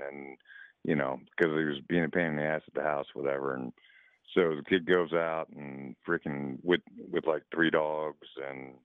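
Very deep-voiced hesitant man. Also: steady tone, moderate pace, clear, resonant tone, dry recording, phone-quality sound. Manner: hesitant, trails off with fillers. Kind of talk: casual chat.

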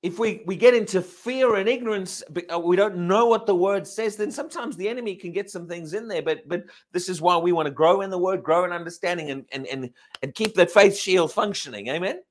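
A man's voice: high-pitched, fairly quick. A man preaching a sermon, asking the congregation rhetorical questions, repeating himself and restarting phrases, and drawing out key words for emphasis. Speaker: pastor.

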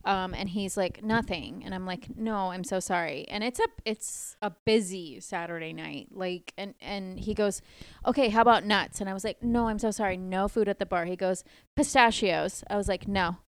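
A woman co-hosting a casual podcast, telling an animated story, acting out the dialogue and laughing often. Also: mid-range voice, normal speed, few pauses, clean tone. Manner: acts out quoted dialogue. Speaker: podcast co-host.

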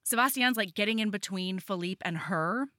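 A woman's voice: mid-range voice, normal speed, pushed and bright, no room sound, clean studio sound. A woman co-hosting a podcast, casually recapping a romance novel and acting out the characters' lines. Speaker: podcast co-host. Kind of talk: casual book recap chat.

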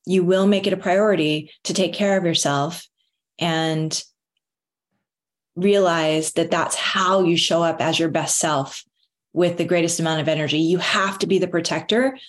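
A middle-aged woman telling a personal story in an earnest, motivational way, with lively emphasis. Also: on the low side, normal speed. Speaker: wellness speaker. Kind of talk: motivational talk.

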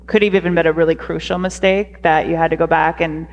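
A woman's voice: low-pitched, fairly even intonation, quick pace. A woman interviewer asking a guest encouraging questions. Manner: encouraging, brief affirmations. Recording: dull, reverberant, faint noise.

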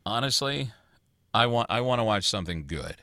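A man's voice: lowish voice, lively intonation, moderate pace, bright, forceful tone, no echo, studio quality. A man hosting a casual chat show, ranting about what to watch in a loose, profane way. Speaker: podcast host.

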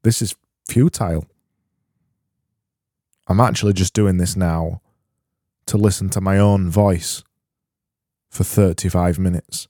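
Low mellow guy doing a solo comedy podcast, deadpan n self-mocking, dry sound. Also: takes it slowly, pauses often, dry recording. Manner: rambling, self-deprecating, deadpan. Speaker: podcast host.

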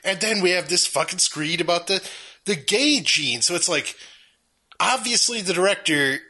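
A man's voice: high voice, expressive, moderate pace, sharp tone. A man picking apart a film in casual chat, sarcastic and profane. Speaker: film reviewer.

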